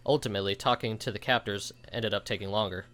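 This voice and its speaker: Reading a game's story out loud, this young let's play host talks quickly in a steady, somewhat bright voice on the low side. His delivery is casual, and he keeps interrupting with jokey reactions.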